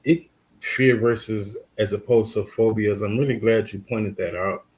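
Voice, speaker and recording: A man's voice: lowish voice, fairly even intonation, moderate pace, noisy background. A man with a Cajun accent talking on a podcast in a laid-back, easygoing way, often restarting his sentences. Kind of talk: casual chat.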